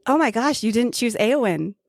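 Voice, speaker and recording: A woman's voice: a little high, expressive, normal speed, creaky, no room sound. A woman co-hosting a podcast in casual chat, playful and enthusiastic, laughing often. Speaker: podcast co-host.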